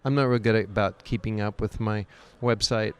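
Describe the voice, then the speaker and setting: A man's voice: lowish voice, fairly even intonation, fairly quick, clean tone. A man being interviewed as an actor, chatting casually and rambling a bit, joking about himself. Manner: rambling, chatty, self-deprecating. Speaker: actor guest. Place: convention.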